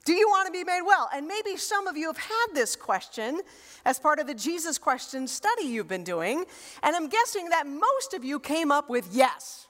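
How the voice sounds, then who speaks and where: A woman with a high voice preaches a sermon in a relaxed, conversational way. She leans on rhetorical questions and emphatic repetition, and her voice trails off into a long hall reverb. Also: moderate pace. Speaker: pastor.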